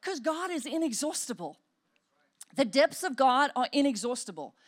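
A woman pastor preaching a sermon in an animated way, acting out inner voices and demonstrating praying in tongues. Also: high-pitched, moderate pace.

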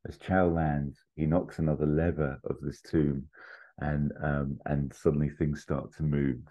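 A man hosting a podcast, casually pitching an adventure story with fillers, asides and chuckles. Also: little pitch movement, measured pace, mellow. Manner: rambling, full of fillers and asides, chuckles at own jokes. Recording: slightly muffled lo-fi audio.

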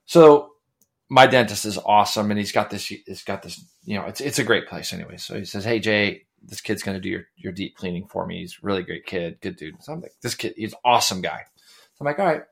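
A man's voice: fairly low pitch, a little fast, vocal fry. A middle-aged man co-hosting a podcast, telling a rambling story in casual chat with many restarts. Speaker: podcast co-host.

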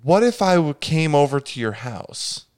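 A bitter, angry stranger who swears and accuses, close to tears, as a man acts him out in his story. The voice stays near an everyday register, slow and smooth. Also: fairly high pitch, big pitch swings, a little mellow, pitched above the performer's own voice. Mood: hostile. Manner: angry and hostile.

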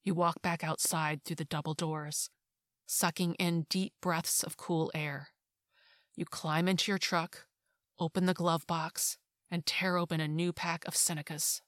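Softly intense woman reading a story. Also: lowish voice, little pitch movement, measured pace, no echo, clean studio sound. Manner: hushed and intimate, dropping to whispers. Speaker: story narrator. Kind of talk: second-person story reading.

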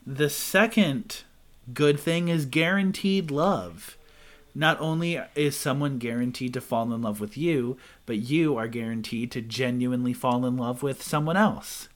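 A man's voice: mid-range voice, measured pace. A man co-hosting a casual comedic chat, playfully building on his partner's jokes and laughing often.

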